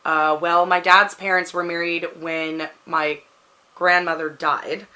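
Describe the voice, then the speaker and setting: Woman in her thirties, Pacific Northwest American accent, casual rambling chat, filler-heavy, sharp bright voice. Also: lowish voice, little pitch movement, slow. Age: 30s. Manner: rambling, chatty, frequent "like" fillers. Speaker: vlogger answering a question tag.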